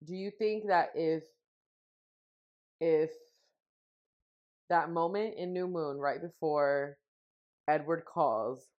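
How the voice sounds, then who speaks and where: A woman's voice: deep voice, slow, pauses often. A young woman co-hosting a podcast, chatting casually and rambling with lots of fillers, getting emotional. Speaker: podcast co-host. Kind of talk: casual chat. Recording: dull lo-fi sound.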